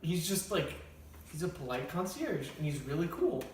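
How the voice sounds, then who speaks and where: A man's voice: on the high side, normal speed. A young man chatting eagerly about movies in a casual roundtable review. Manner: enthusiastic, animated. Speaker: film reviewer. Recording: echoey room, distant mic, faint hiss.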